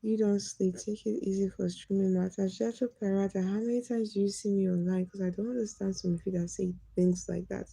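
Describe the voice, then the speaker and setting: Woman streamer, teasing and chatty; gravelly, dark voice, dry close sound. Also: mid-range voice, steady tone, fairly quick, hardly any pauses, no room sound, rough recording. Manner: teasing, chatty, laughs often, greets viewers by name. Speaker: live streamer. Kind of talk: casual live-stream chat reading comments.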